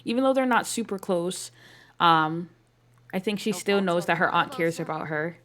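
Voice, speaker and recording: A woman's voice: fairly low pitch, moderate pace, fairly bright tone. Chatty woman narrating her game. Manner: chatty, rambling, filler-heavy with frequent "um" and "like"; playfully exasperated asides to characters. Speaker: game streamer narrating a life-sim playthrough. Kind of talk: casual gameplay commentary.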